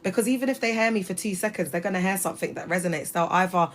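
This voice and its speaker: A woman's voice: lowish voice, rapid-fire. A woman in her thirties hosting a casual livestream from her phone, talking emphatically and addressing viewers directly. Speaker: livestream host.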